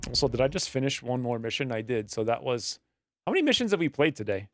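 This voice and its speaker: A man's voice: medium pitch, very animated, quick pace, fairly bright tone. A man streaming a strategy game, thinking aloud in a rambling, playful way as casual gaming commentary.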